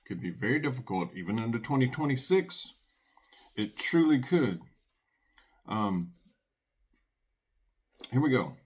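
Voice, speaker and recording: Man, folksy, earnest, lively pitch, prepping vlog host. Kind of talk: casual commentary with scripture reading.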